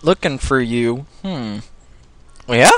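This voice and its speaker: A man giving jokey let's play commentary over his own game, excitable and quick to panicked yelling. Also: medium pitch, no room sound. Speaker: gameplay commentator.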